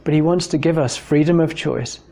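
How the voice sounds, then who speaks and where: A man's voice: fairly high pitch, brisk, gravelly, warm tone. A man from England giving an informal talk, telling personal stories in a thoughtful conversational way with frequent fillers. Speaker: speaker giving a talk on evidence for God.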